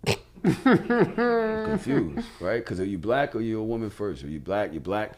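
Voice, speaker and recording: A man's voice: on the low side, quick pace. A man hosting a podcast in casual chat, telling stories with lots of swearing and acting out what others said. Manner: animated storytelling, acts out quotes, swears freely. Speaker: podcast host.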